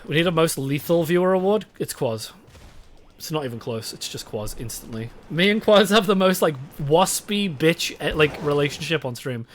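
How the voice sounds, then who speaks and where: A man's voice: on the high side, a bit bright, slight background noise. A young British man streaming a game, chatting casually with his chat, swearing and rambling. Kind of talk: casual live-stream chat while gaming.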